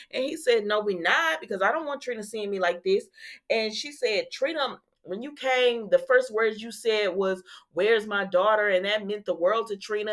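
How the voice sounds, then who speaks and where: A woman who recaps soap opera episodes in a casual, chatty way, acting out the dialogue and laughing often. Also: a little high. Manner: animated, acts out the quotes, laughs often.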